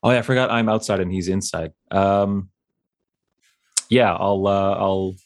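A young man playing a tabletop game, describing his moves in a relaxed, easygoing way. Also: sits low, a little slow. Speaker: player. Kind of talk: casual tabletop play.

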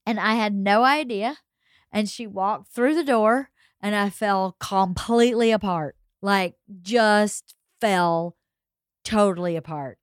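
A middle-aged woman with a Southern accent, hosting a casual podcast chat and telling family stories with lively put-on voices. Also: mid-range voice, slow pace, clear, resonant tone, no echo, studio quality. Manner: animated storyteller who acts out family voices. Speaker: podcast host.

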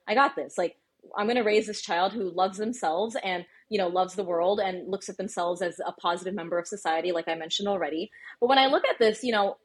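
A woman in her thirties, a pediatrician, answering questions in a lively conversational way with everyday examples. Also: medium pitch, husky. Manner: animated, explains with examples and acted-out quotes. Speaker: pediatrician guest.

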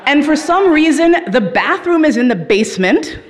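A woman telling a comic story, swearing freely and laughing as she goes, with lively swings in her voice. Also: high-pitched, normal speed, background noise. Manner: profane, laughing through the telling.

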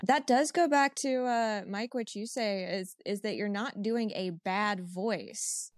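A woman co-hosting a casual chat in a medium-pitched voice. She is bubbly and quick with wordplay. The recording is close and dry. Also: no echo. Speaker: co-host.

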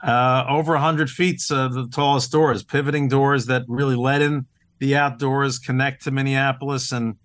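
Earnest man, eager and halting. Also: medium pitch, little pitch movement, fairly bright tone, dry recording. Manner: upbeat and earnest, with many "uh" fillers and restarts. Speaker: team owner, podcast guest. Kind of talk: casual interview conversation.

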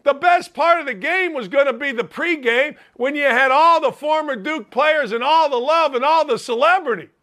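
High-voiced, bright male sports-talk host. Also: normal speed, hardly any pauses. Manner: blunt, rambling, combative. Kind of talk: college basketball rant.

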